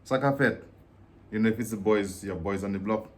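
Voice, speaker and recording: A man with a Dominican accent, chatting casually as a guest, explaining at length and getting animated as he talks. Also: fairly quick, slight background noise. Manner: animated, explains at length, jumps high when he gets excited. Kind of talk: casual chat comparing dialects.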